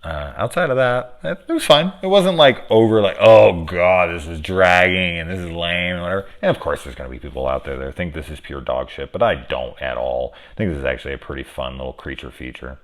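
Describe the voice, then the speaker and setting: A man's voice: very deep voice, expressive, fast talker, hardly any pauses. A man giving a casual spoiler review of a movie, rambling and profane, with lots of fillers.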